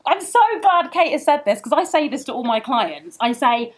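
A woman's voice: high-pitched, animated, moderate pace. A woman hosting an interview, asking questions in an enthusiastic, chatty way. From born near Liverpool, raised elsewhere. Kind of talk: casual interview chat.

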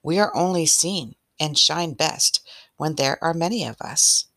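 A woman voicing a cheerful, proud star in a read-aloud story, with a bright, simple, earnest delivery. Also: low voice, measured pace, no echo, studio quality, full character voice.

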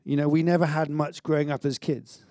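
Male pastor, middle-aged, chatty sermon with restarts and jokes, slightly high voice. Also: brisk, no echo, studio quality. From Wales. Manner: energetic, conversational preaching with stammered restarts and self-mocking humour.

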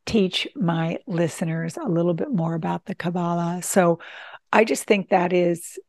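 A woman shares an earnest, heartfelt testimonial on her own channel. Her voice has a gravelly edge. The sound is dry and close, with no room echo. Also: on the low side, measured pace, darkish tone. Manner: earnest, heartfelt, with frequent restarts. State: tearful at times. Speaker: channel host. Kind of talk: emotional personal testimonial.

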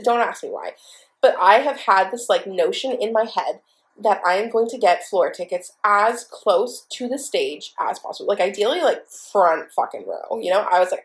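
A young woman hosting her own podcast, telling a story in an excitable, profane, breathless way. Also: mid-range voice, moderate pace. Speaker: podcast host. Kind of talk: casual storytelling monologue.

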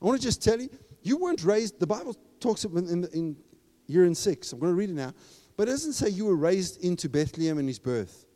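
A man preaching a sermon, talking casually and then building up to loud, emphatic exhortation. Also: high-pitched, sing-song, a little fast, few pauses. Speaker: pastor. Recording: long reverb of a large hall.

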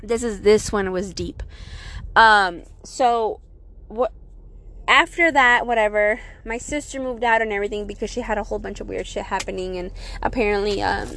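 A woman's voice: medium pitch, moderate pace. A young woman casually telling a personal scary story, swearing often and filling her talk with "like". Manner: profane, animated, lots of "like" fillers.

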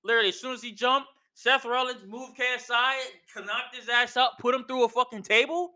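Male podcast host with a clear, smooth, high voice, casual and emphatic, heavy on slang. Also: fairly even intonation, fairly quick, bright, forceful tone. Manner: emphatic, slangy, repeats himself, says "bro" a lot. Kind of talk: casual wrestling opinion rant.

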